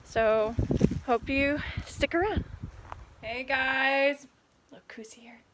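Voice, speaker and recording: A woman vlogging casually at home, chatty and relaxed, laughing often between remarks. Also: high-pitched, very slow, very noisy. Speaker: homesteading vlogger. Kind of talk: casual chat to camera. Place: home kitchen indoors.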